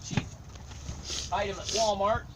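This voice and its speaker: Man, mid pitch, talking off-mic outdoors, jokey home-garden demo with self-mocking asides, noisy backdrop. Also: fairly even intonation, measured pace, distant mic. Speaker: home gardener demonstrating plant cloning. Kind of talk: casual how-to demonstration.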